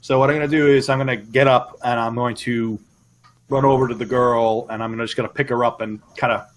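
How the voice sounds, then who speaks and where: A man playing a tabletop game, explaining his character's actions in a halting way with frequent restarts. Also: mid-range voice, fairly even intonation, low-quality recording. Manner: halting, many restarts and repeats. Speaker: player. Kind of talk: casual tabletop play.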